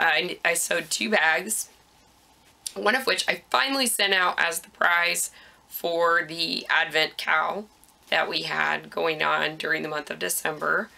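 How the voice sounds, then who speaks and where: A woman's voice: low-pitched, creaky, bright, forceful tone. A woman hosting a knitting podcast, chatting casually about her projects with frequent ums, a little out of breath.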